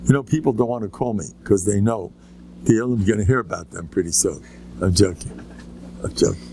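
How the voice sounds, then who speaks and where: An older American rabbi gives an informal Torah lecture, telling anecdotes with joking asides and rambling restarts. His voice is lowish and darkish, fairly quick, with a little hiss or hum in the recording.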